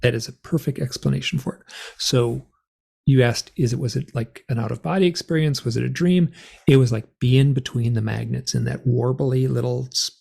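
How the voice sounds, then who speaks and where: A man telling his story in a rambling, animated way, full of fillers, as a guest on an interview show. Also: mid-range voice, moderate pace, creaky, slightly rough. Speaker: guest author and experiencer. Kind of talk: conversational storytelling.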